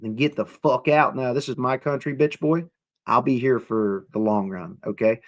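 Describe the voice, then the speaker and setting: Man, young adult, from the United States, live streamer, heated profane rant, argues with chat, mid-pitched voice. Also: moderate pace, lo-fi sound. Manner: profane, combative, answers chat directly.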